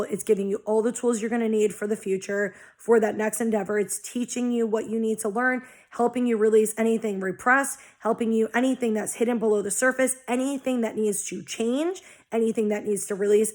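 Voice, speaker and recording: A woman's voice: on the high side, darkish tone. A young adult woman talking casually about spiritual growth in a blunt, heavily profane way, acting out her own past reactions. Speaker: spiritual vlogger. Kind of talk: casual monologue.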